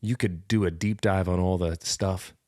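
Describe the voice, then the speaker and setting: Podcast co-host: low-pitched man, rambling and self-deprecating, dry close mic. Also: fairly even intonation, dark tone, no room sound. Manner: rambling, jokey, self-deprecating, quick asides. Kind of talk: casual chat.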